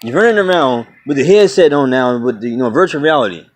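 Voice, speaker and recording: With a mid-range voice, this man in his twenties talks fast and animatedly in a casual vlog rant, swearing openly and calling his audience "y'all" and "man."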